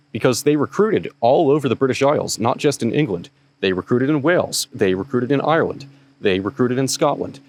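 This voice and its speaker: An American man, a historical reenactor hosting his own channel, explaining a question to camera in a measured, point-by-point way. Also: fairly low pitch. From United States.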